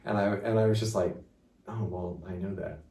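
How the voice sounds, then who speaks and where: A young man telling a story in casual chat, animated and full of filler words. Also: lowish voice, brisk, a crowd in the background. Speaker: guest. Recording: roomy, distant mic.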